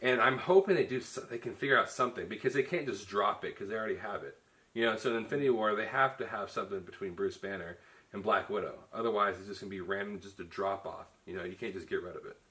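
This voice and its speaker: A man hosts a casual film review chat, speaking loosely with lots of restarts and "you know." His voice is on the low side, fairly bright, and he talks fast.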